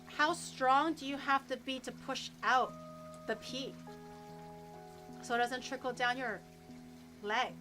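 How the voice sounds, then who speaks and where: A woman streamer telling stories in casual chat, animated and laughing often. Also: high voice, slow pace, long pauses, over music.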